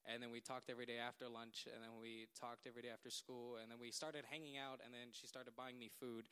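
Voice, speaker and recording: Young man in his late teens with a smooth voice, earnest and self-mocking while giving a rambling thank-you speech. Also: medium pitch, flat delivery, fast talker, sharp tone. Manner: earnest, rambling, laughing at himself. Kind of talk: heartfelt speech to a gathering.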